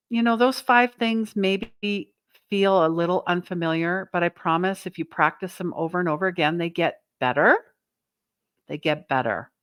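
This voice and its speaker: A woman's voice: mid-range voice, fairly bright tone, smooth, no room sound. A woman host giving a motivational talk to her viewers, earnest and emphatic, often asking "right?". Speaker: self-help channel host.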